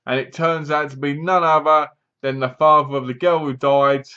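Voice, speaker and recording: A man's voice: fairly high pitch, steady tone, moderate pace, sharp tone, clean tone, muffled recording. A man reviewing a horror film in a casual, rambling, sarcastic way. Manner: sarcastic, mocking, meandering.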